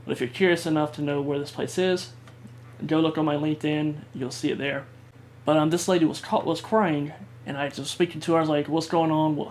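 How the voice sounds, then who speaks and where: Man telling a story, flat high-ish voice. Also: slight background noise. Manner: halting, many fillers and restarts. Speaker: vlogger. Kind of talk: personal storytelling.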